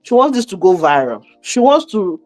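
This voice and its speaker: A middle-aged woman, co-hosting a casual chat, emphatic and scolding in quick bursts. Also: medium pitch, big pitch swings, darkish tone, no room sound, soft background music. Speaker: podcast co-host.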